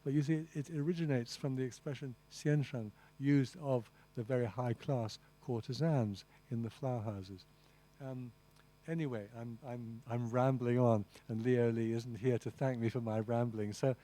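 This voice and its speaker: Rambling enthusiastic male lecturer, dark voice. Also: mid-range voice. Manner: rambling, enthusiastic, with asides to the audience; frequent restarts and "you see". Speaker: lecturer on translation. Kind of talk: master class lecture. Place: lecture room.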